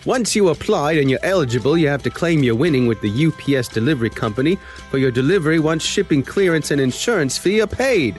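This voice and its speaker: A man's voice: on the high side, expressive, fast talker, few pauses, soft background music, lightly acted. A man voicing a pushy online scammer in a put-on Australian accent, his voice raised and salesy. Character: pushy male Facebook scammer promising free grant money.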